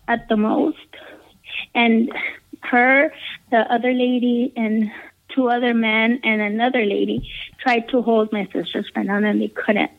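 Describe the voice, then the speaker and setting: A woman's voice: fairly high pitch, creaky. A woman casually telling a personal story, rambling with lots of "um", "like" and "you know". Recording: tinny phone-like line.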